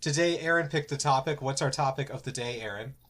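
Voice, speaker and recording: A young man hosts a casual podcast in a playful, joking manner. His voice sits at an ordinary middle pitch. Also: a little fast, a bit bright. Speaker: podcast co-host. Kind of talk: casual chat.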